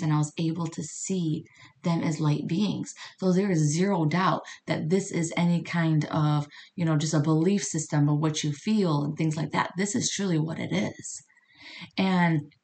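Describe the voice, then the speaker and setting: A woman hosting a podcast, telling a personal story in a casual, chatty way and acting out the dialogue. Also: deep voice. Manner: chatty, animated, acts out quoted dialogue. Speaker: podcast host.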